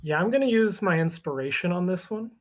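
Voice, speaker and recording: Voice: medium pitch, animated, brisk. Player patiently explaining game rules. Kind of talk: tabletop game play.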